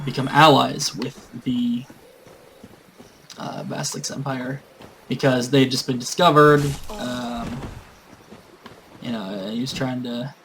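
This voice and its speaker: A man's voice: mid-range voice, gravelly, a bit bright, slight background noise, rough recording. Male gamer, casual rambling storyteller with lots of fillers and swearing. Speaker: gamer and tabletop game master. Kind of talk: casual storytelling while playing a game.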